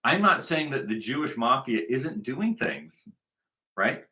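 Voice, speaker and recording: A man's voice: medium pitch, very animated, measured pace, sharp tone. A man delivering a combative, repetitive commentary monologue, hammering his points with emphasis. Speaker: online commentator.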